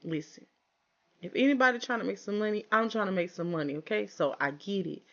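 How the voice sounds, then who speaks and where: Chatty gamer woman, gravelly voice. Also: mid-range voice, a little fast, a bit bright, highs cut off. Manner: chatty, talks to viewers and her game characters, exasperated asides. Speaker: gaming channel host. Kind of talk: casual let's-play commentary.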